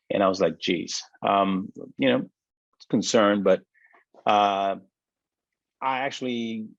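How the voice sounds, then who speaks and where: Gravelly low-voiced man telling his story. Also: no room sound, highs cut off. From United States. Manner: emotional, halting storytelling with many fillers. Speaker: interview guest, business owner. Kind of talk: personal story in an interview.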